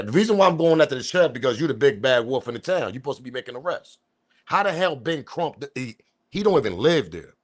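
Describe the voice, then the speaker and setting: A man hosting a commentary video, ranting about the news with profanity and loud emphatic bursts. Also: medium pitch. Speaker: commentary channel host.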